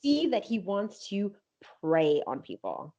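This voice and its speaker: A woman with a husky, mellow voice talks casually as a podcast co-host. Her pitch swings widely, and she lands her points with emphasis and quick giggles. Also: big pitch swings, dull audio. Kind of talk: casual chat.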